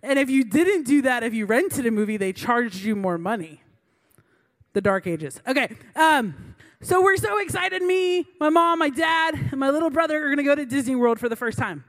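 High pitched young woman preaching, chatty and joking at her own expense, little laughs here and there. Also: animated, moderate pace. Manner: chatty, self-mocking, laughs between lines. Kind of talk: humorous sermon storytelling.

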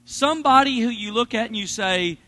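A man preaching a sermon, animated, swinging between loud bursts and hushed asides. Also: very high voice, brisk. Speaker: pastor.

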